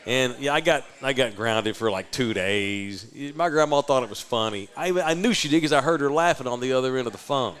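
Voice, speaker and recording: A man from Texas, hosting a live podcast and telling a loud, profane, animated story. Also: medium pitch, brisk, hardly any pauses. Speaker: podcast host.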